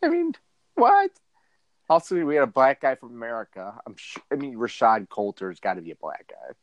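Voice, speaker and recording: A male podcast co-host rambles through crude jokes at a brisk pace, his expressive voice jumping in pitch amid many fillers and restarts. The recording is dry and lo-fi.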